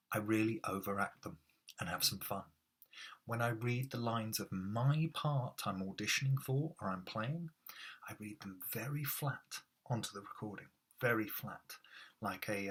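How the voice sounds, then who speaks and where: A middle-aged man coaching actors in a relaxed, chatty way, with a husky voice and plenty of ums. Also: lowish voice. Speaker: acting coach. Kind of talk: casual instructional talk to camera.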